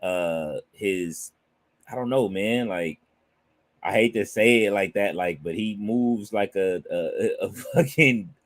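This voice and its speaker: A man's voice: on the low side, slow, no room sound. A man co-hosting a casual wrestling chat, laid-back and hesitant, with many fillers. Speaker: podcast co-host.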